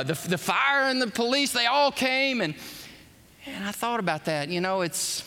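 Male pastor, high pitched, animated storyteller, booming hall reverb. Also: moderate pace, creaky. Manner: animated storytelling, acts out quotes. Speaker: preacher. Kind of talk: sermon.

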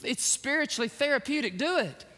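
A man preaching a sermon from a church pulpit, animated and exclamatory, with joking personal asides. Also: very high voice, brisk. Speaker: pastor. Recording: echoey church hall.

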